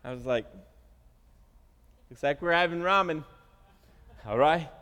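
A man delivers a sermon with animated storytelling and acts out quotes along the way. His voice sits high for a man, and a long reverb trails off each phrase in the big room. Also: unhurried, clear, resonant tone. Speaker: pastor. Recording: reverberant church hall.

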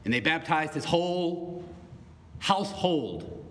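A man preaches with a lively, swooping delivery, his voice sitting a bit high. It rings through a church hall with a long tail of reverb. Faint ambience hums underneath. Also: slow. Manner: animated preaching with asides and laughs. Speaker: pastor. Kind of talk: sermon. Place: church sanctuary.

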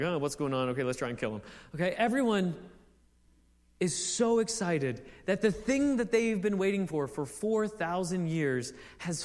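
A young man preaching a sermon in a conversational way, with many fillers, building to excited exclamations. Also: high-pitched, long reverb tail.

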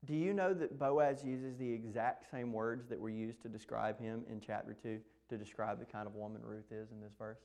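A man preaching a sermon, lively and animated, acting out the words of the text. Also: normal speed, vocal fry, hardly any pauses. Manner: animated, acts out scripture quotes with rising pitch.

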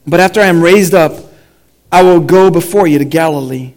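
Male pastor, high-pitched, sermon delivery in a church; slow scripture reading with hushed drops. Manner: reads slowly, dropping to a hushed, low delivery at key lines; invites the congregation to read aloud with him. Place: church sanctuary.

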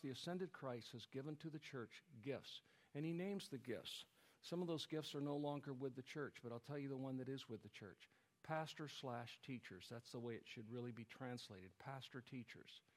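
Man preaching in a reverberant church. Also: medium pitch. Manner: preaching with swelling emphasis, addressing the congregation. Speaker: pastor. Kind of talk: sermon. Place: church sanctuary. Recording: church hall with long reverb.

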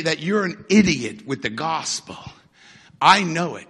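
A man preaching a fiery sermon, often shouting and building to fervent peaks. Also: on the high side, expressive, moderate pace, big-room sound, slight background noise.

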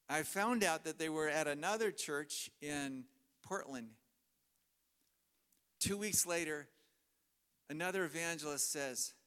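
A man's voice: on the high side, a bit bright, clean tone. A middle-aged man preaching a sermon in a church, telling a story with humor and frequent chuckles.

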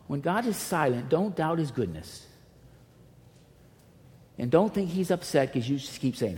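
A man preaching a sermon as pastor, emphatic and repetitive, swinging between loud pleas and hushed near-whispers. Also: on the high side, sing-song, unhurried, long pauses. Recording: reverberant hall with faint noise.

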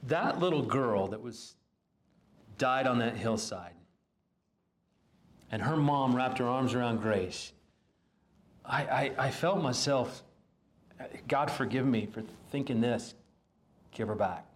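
A pastor delivering a sermon in an earnest, halting way, often restarting phrases. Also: male voice, medium pitch, echoey room.

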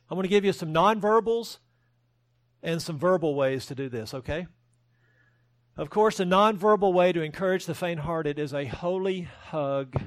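Pastor, male, high-pitched, earnest sermon delivery, dry close-miked sound. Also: dry recording. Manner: earnest preaching with rising emphasis and self-deprecating humor.

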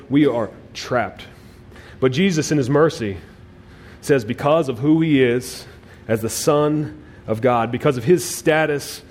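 A male pastor preaching a sermon, emphatic, with swings between loud and quiet phrases and frequent restarts. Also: medium pitch. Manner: repeats words as he restarts phrases.

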